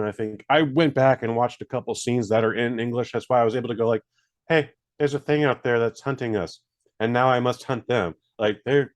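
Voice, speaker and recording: A man co-hosting a podcast, reviewing a movie in casual, rambling chat with many fillers and jokes at his own expense. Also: medium pitch. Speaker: podcast co-host.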